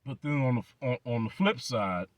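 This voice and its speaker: A man's voice: mid-range voice, normal speed, no room sound. Dude ranting on his channel, cussing a lot, blunt, dry close sound. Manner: blunt, emphatic, heavy swearing, repeated words. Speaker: channel host. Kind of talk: profane commentary rant.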